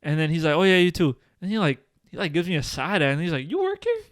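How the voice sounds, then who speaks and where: A man's voice: fairly high pitch, fast, a bit bright, no room sound. Dry-sounding young man telling stories. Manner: laughing storyteller, heavy slang and fillers. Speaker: podcast co-host. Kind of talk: casual chat.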